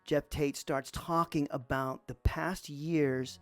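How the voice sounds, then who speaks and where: A man from Arizona hosting a podcast, telling a personal story in a relaxed, rambling way with lots of fillers. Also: fairly high pitch, takes it slowly, soft background music. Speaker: podcast host.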